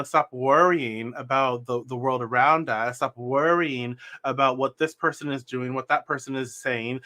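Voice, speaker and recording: A young man reads tarot cards in a bright, somewhat raised voice. He talks earnestly, circling back and restarting his thoughts as he gestures with his hands. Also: fairly high pitch. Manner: earnest, meandering, self-correcting. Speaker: tarot reader. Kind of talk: spiritual tarot reading.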